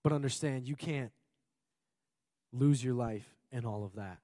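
This man, a pastor from Minnesota, delivers a sermon with earnest emphasis, often repeating phrases and occasionally laughing. He speaks unhurriedly in a warm, mid-range voice, and the studio-quality recording has no room sound.

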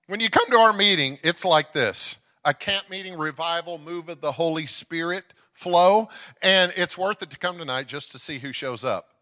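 A man from Dallas, Texas preaching an energetic Pentecostal sermon as a guest evangelist, calling out to the congregation and telling stories. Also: a little high. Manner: exuberant, calls out to the crowd, storytelling. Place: church sanctuary.

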